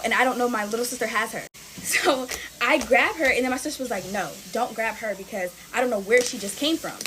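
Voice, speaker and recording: A woman's voice: on the high side, fairly bright tone, slight background noise. A young woman from the United States, casually telling scary stories at home while playing with slime, talking expressively and calling her viewers y'all. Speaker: storyteller. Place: indoors at home.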